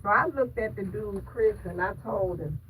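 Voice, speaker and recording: A woman's voice: mid-range voice, lively intonation, normal speed, a bit bright. A woman telling her viewers a story in an emphatic, preachy way, often stopping to ask if they hear her. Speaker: vlogger. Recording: distant mic with clear background noise.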